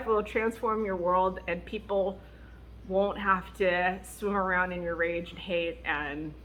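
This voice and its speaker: A woman speaking as a Christian mom vlogger, giving candid, faith-based advice in a chatty, expressive way, often laughing and acting out what people said. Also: medium pitch.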